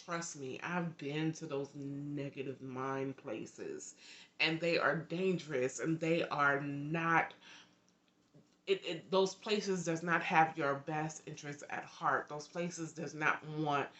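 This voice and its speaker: A woman's voice: deep voice, slow. A young woman talking to her camera in an earnest, heartfelt way, often repeating words for emphasis. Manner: earnest, emphatic repetitions, lively swings in loudness. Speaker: vlogger and author. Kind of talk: heartfelt direct-to-camera talk.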